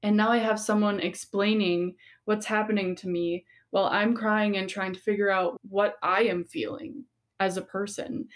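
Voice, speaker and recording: A woman's voice: medium pitch, steady tone, moderate pace. Woman explaining things earnestly on a podcast. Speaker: podcast co-host. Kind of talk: casual podcast discussion.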